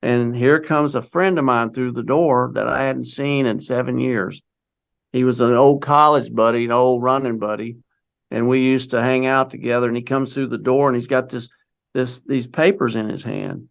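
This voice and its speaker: Speaking at normal speed in a steady, medium-pitched voice with vocal fry, a middle-aged man shares his own story as a guest. He rambles casually, restarting often and quoting the things others told him.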